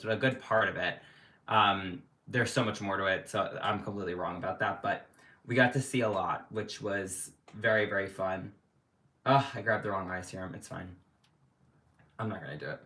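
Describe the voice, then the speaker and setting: A man's voice: fairly low pitch, sharp tone. A young man chatting casually on a livestream at home, rambling with lots of "like" fillers. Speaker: livestream host. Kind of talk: casual chat. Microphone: livestream setup.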